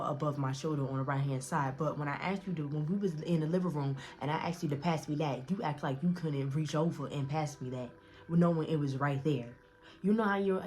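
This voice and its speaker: A young woman with a lowish voice tells a casual storytime. She talks bluntly and swears freely. She stays animated and often restarts her sentences. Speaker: storyteller vlogger.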